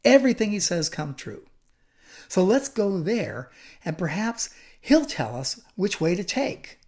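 A man's voice: high voice, big pitch swings, a little slow, darkish tone, exaggerated voice. Eager, persuasive male servant, slightly raised, by a male preacher.

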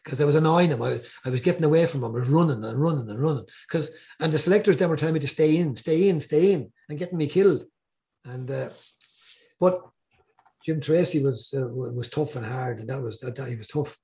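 An older Irish man telling rambling, animated stories as a guest on a casual podcast. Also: on the high side, a little fast. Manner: rambling, animated anecdotes with repeated words.

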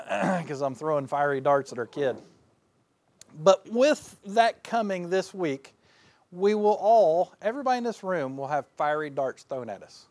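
Folksy man preaching, self-mocking, higher voice. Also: expressive, a little slow. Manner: folksy, self-deprecating, laughs often; swings between loud bursts and quiet asides. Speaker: pastor. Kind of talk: sermon.

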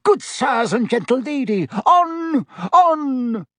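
A man's voice: very high voice, very animated, slow pace, a bit bright, dry recording, pitched above the performer's own voice, exaggerated voice. A male audiobook reader voicing a bombastic little knight who lives in a painting and calls out grand battle cries. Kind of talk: audiobook character voice.

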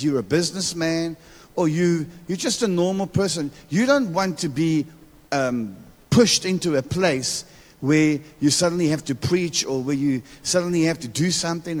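A man with a South African accent preaching a church sermon as a guest prophet, repeating words and calling for amens with playful asides. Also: fairly high pitch. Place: church hall. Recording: long reverb of a church hall.

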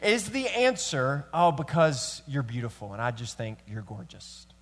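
A man's voice: medium pitch, measured pace, fairly bright tone, big-room sound. A man preaching a sermon as pastor, telling a story in a conversational way and addressing the men in the room. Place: church sanctuary.

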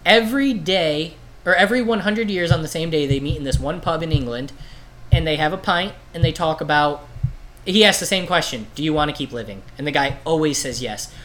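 A man's voice: on the high side, lively intonation, a little fast, fairly bright tone. A man casually retelling a comic story on a podcast, rambling, swearing and acting out the voices. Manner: rambling, profane, acts out quoted voices. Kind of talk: casual chat.

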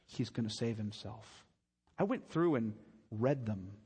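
A male pastor delivers an emphatic sermon, circling back on his points and pressing the congregation with questions. His voice is husky and a bit breathy. It rings out with the long reverb of a large church hall. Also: mid-range voice, animated, normal speed, darkish tone. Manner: emphatic, repeating phrases and asking the congregation rhetorical questions.

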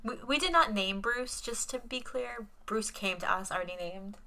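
A woman's voice: fairly high pitch, normal speed, bright, forceful tone. A young woman co-hosting a casual movie podcast, rambling with lots of fillers and gushing about what she loved. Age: young adult. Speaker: podcast co-host.

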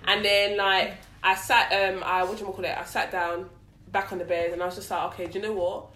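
Fast-talking London woman in a roomy space. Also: medium pitch, flat delivery, sharp tone, recorded from a distance. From London, England. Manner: rapid, storytelling, acts out quotes, laughs often. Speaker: guest telling a story. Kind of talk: casual chat.

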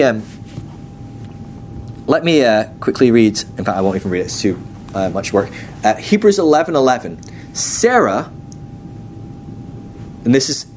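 A man teaches a sermon in an easy, joking way, often slipping into the voices of the people he quotes. His pitch sits a little high and moves a lot. A faint low rumble runs under the recording. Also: darkish tone. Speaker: teacher at a ministry school.

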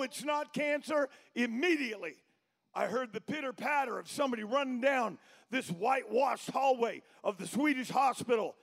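A middle-aged man preaching a sermon as pastor, telling a story that builds into shouted preaching. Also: very high voice, creaky.

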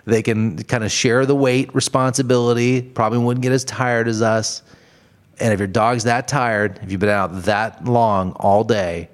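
A man hosting a solo podcast, ranting bluntly about everyday annoyances, swearing freely and laughing at his own jokes. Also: fairly low pitch. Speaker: podcast host.

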